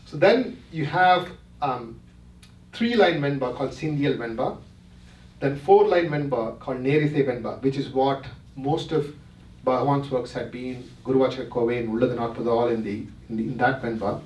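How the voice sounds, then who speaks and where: At moderate pace, a man with a mid-range, darkish voice leads a retreat talk, explaining methodically and frequently verifying that people follow. The mic sits far from him in a spacious hall.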